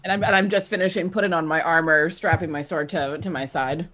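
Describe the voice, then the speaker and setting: A woman's voice: sits low, steady tone, a little fast, a bit bright. A woman playing in a tabletop game, wry and joking in her delivery. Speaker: player. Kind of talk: in-character tabletop roleplay.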